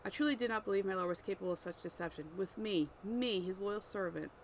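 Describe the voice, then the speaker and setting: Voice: mid-range voice, quick pace, a little hiss or hum, natural voice, rough recording. A writer reading a bitter horned woman servant. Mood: wounded. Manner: plain read-aloud, stops to fix words. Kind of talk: reading own story aloud while editing.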